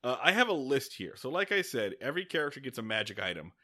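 A man co-hosting a podcast, recapping a film in casual, excitable chat, swearing freely. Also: mid-range voice, fast talker. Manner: excitable, swearing, animated retelling with acted-out quotes. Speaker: podcast co-host. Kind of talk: casual movie-review chat.

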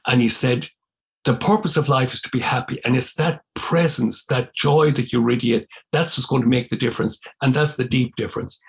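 An older Irish man, a priest, telling a long personal story in conversation, animated and rising in pitch when he quotes himself. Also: gravelly. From Ireland.

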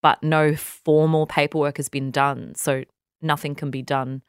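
A woman's voice: low-pitched, level tone, unhurried, clear, resonant tone, no echo, clean studio sound. A woman co-hosting a casual podcast chat, earnestly retelling news in long lists. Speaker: podcast co-host.

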